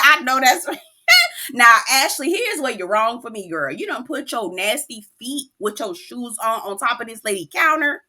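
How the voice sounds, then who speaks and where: Sassy, animated woman recapping gossip. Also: on the high side. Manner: animated and sassy, acts out quotes, laughs often. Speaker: reality TV recap host. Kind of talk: casual recap commentary.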